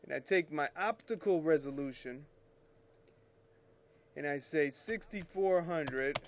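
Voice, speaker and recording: A man walks viewers through scanner settings in a loose, chatty tutorial. He talks slowly in a somewhat high voice, wanders off track and corrects himself, and throws in little jokes as he clicks around his screen. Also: a little hiss or hum. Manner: chatty, rambling, self-correcting, jokey. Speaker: photo retouching show host. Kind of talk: casual screen-share tutorial.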